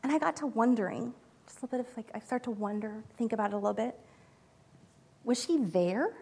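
A high-voiced woman gives a casual devotional talk as a mother speaking to a group. She talks in a chatty way, full of fillers and little restarts, and acts out the quotes she tells. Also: expressive, a little fast, vocal fry, a little mellow, husky.

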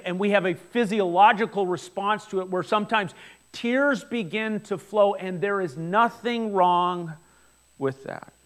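High-voiced man preaching earnestly. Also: a bit bright. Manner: earnest, conversational preaching with rhetorical questions. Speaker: pastor. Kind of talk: sermon. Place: church hall before a congregation.

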